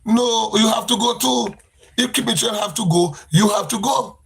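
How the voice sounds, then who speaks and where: A man's voice: sits high, moderate pace, creaky, breathy edge. A man with a Grenadian accent ranting on a live stream, fiery and accusatory, repeating his phrases for emphasis.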